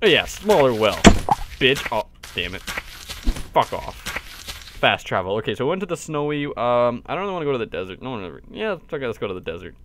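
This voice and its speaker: A man giving casual let's-play commentary, excitable, cursing often and yelping in surprise. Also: medium pitch, fast, slight background noise. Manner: excitable, swears often, yelps and shouts in surprise. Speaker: gaming video host.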